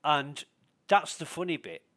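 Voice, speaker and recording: A man's voice: a little high, very animated, measured pace, fairly bright tone. A man streaming a game and chatting casually with a friend, telling long stories with plenty of swearing. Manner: rambling storyteller, swears freely. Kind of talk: casual voice chat while gaming.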